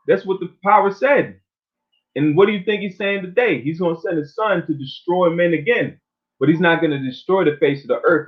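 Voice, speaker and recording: Preacher man on a tinny phone-like line. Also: fairly high pitch. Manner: reads verses slowly, then talks loosely, often ending with "man". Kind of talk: informal sermon with scripture reading. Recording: phone-like narrow sound.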